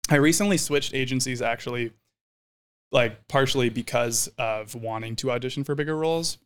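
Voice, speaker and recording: A man's voice: medium pitch, a little fast, clean tone. A young man, a comedian and actor, telling stories casually with lots of laughs and swearing. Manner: animated, swears, laughs often. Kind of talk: casual storytelling.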